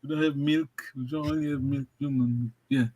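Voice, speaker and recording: A man's voice: medium pitch, fairly even intonation, fairly quick, warm tone, lo-fi sound. A man teaching a language over a video call, encouraging and repetitive, often laughing. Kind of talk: online language lesson.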